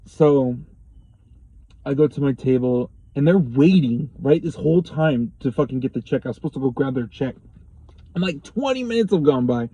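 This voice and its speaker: A young man casually telling a personal story to the camera, profane and rambling, getting animated when he quotes people. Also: on the high side, moderate pace, long pauses, dry recording, muffled recording. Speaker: vlogger.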